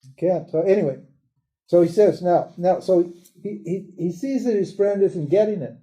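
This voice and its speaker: An older man giving a live lecture on a spiritual text in a casual, animated way, laughing often and mimicking other people. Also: high-pitched, moderate pace. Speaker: Vedanta teacher.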